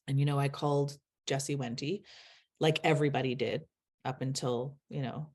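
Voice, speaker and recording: A woman's voice: rumbling low, steady tone, normal speed, a little mellow. A middle-aged woman, a guest, speaking earnestly in a candid interview and laughing as she tells stories.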